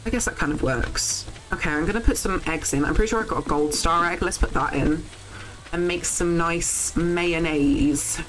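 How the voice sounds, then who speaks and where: A young woman, chatting casually while live-streaming a farming game, thinking out loud and swearing when things go wrong. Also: lowish voice, normal speed, faint music behind, rough recording.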